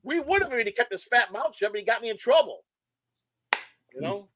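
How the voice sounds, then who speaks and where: A middle-aged man from Chicago telling hyper, rapid stories in casual chat, swearing freely. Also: high-pitched, expressive, bright, forceful tone, no room sound. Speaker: guest.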